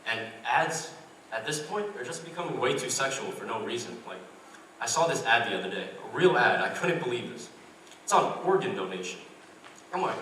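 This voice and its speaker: A young man doing a stand-up comedy set, deadpan and self-deprecating, with lots of "like" fillers. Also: mid-range voice, brisk, a little hiss or hum. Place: university comedy club stage. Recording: echoey room, mic far off.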